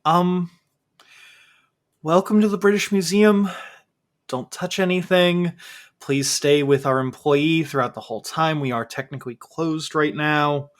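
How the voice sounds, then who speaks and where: A man's voice: a little high, measured pace, lightly acted. A man voicing a polite, flustered male museum security guard in a tabletop game, hesitant and apologetic. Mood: wary, polite.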